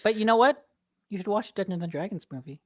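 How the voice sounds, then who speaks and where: A woman co-hosting a casual podcast chat, ranting in an animated way and swearing freely. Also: medium pitch, fast, dry recording. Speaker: podcast co-host.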